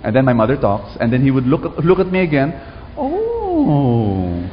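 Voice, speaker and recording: Fast and animated, a medium-pitched male preacher from the Philippines tells stories and asks his congregation to repeat after him. The church hall recording is dull and echoey, with slight background noise.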